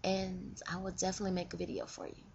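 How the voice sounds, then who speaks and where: A woman's voice: on the low side, monotone, fast talker, gravelly, darkish tone. A woman vlogger giving relationship advice in a casual, earnest and frank way, often repeating herself. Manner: earnest, repetitive, frank with occasional cursing. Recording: dull lo-fi webcam audio with faint hiss.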